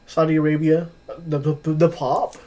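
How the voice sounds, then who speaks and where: Higher-voiced man in easygoing wrestling chat. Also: level tone, normal speed, dark tone, a little hiss or hum. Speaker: podcast co-host. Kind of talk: casual chat about wrestling.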